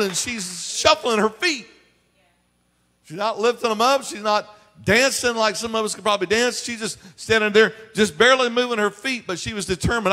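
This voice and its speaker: A man's voice: high-pitched, moderate pace. Preaching man in a reverberant church. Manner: swings from quiet storytelling to loud preaching. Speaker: pastor. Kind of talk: sermon. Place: church sanctuary. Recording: long church hall reverb.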